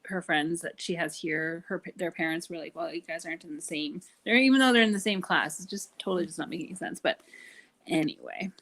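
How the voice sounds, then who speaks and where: A woman's voice: lowish voice, fairly quick. A woman chatting casually on a live video call, telling stories and reading out spiritual cards. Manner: animated storytelling, acts out quotes. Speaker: card reader in a women's circle. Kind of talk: casual live-stream chat.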